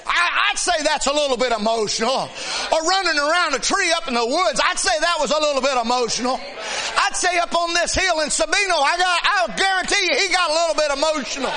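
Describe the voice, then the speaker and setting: A middle-aged man preaching an impassioned sermon, shouting out lines and then dropping to soft, slow speech. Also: very high voice, expressive.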